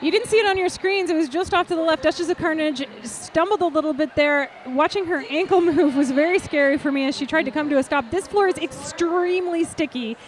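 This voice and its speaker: A woman's voice: high-pitched, fairly quick, few pauses, a little hiss or hum. A woman commentating a live roller derby bout, chatty and jokey, often laughing at her own puns.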